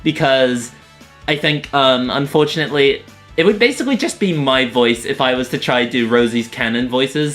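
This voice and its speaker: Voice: mid-range voice, normal speed, a bit bright, faint music behind. A streamer giving giggly, chatty live commentary. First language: not American.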